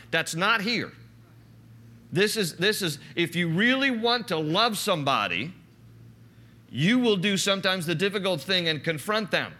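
A man's voice: high-pitched, sharp tone. A man preaching a conversational sermon as a pastor, teaching through a passage and rising in emphasis when he quotes.

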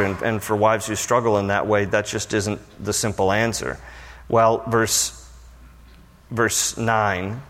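A man preaching a sermon as a pastor, animated, with playful asides to the congregation. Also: lowish voice, long reverb tail.

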